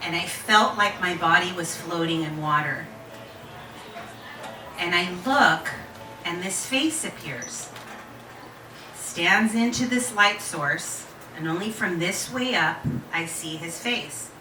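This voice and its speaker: A woman in her forties telling a personal story to a live audience, candid and animated, laughing and swearing freely. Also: lowish voice, takes it slowly, echoey room, far from the mic, slight background noise, rough recording. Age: 40s.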